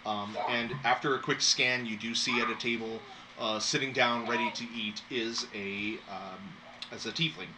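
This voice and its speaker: A man narrating a tabletop game as game master, with many pauses and fillers. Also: mid-range voice, fairly even intonation, noisy background. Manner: hesitant, filler-heavy.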